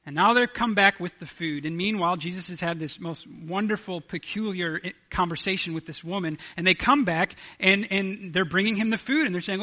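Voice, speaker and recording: Bright, high-voiced male pastor preaching. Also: brisk, few pauses. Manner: earnest, with frequent restarts and repeated words. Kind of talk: sermon.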